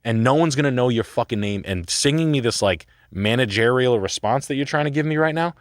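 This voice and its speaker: A man's voice: medium pitch, fairly quick, dry recording, studio quality. A man from Rhode Island telling a story in casual, profane talk, acting out the quoted voices as he goes. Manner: animated, swearing, acts out quoted voices. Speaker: show regular telling a story.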